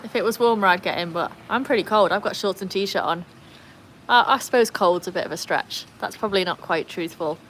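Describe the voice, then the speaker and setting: A British woman hosting a casual livestream by her backyard pool, chatting and laughing often, cooing at her dogs in a high voice. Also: fairly quick, a bit bright, a little hiss or hum. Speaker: livestream host.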